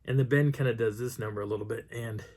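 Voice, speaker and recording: A man's voice: mid-range voice, steady tone, fast talker, darkish tone. A man telling a rambling story about a mountain hike, with many restarts, stopping to act out the voices of people he met. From Colorado high country. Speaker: Bigfoot researcher telling a field story. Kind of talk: casual storytelling.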